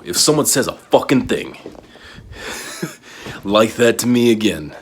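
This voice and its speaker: A man's voice: fairly low pitch, animated, moderate pace, a little hiss or hum. A man venting angrily to his camera in a casual vlog, swearing often and trailing off, a little short of breath. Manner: angry rant full of swearing, trailing off. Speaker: vlogger. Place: at home indoors.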